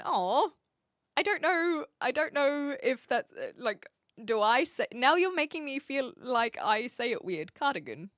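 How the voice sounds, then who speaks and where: A young woman with a New Zealand accent, chatting with her stream and reading out comments, giggly and trailing off into quiet asides. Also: high-pitched, no room sound, clean studio sound. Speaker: livestreamer.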